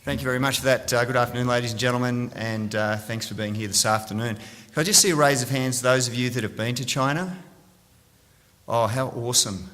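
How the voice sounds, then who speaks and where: A middle-aged Australian man gives an upbeat conference presentation in a large conference room, drawing the audience in with questions. His medium-pitched voice is steady, brisk and a bit bright. The recording has the reverberance of a hall.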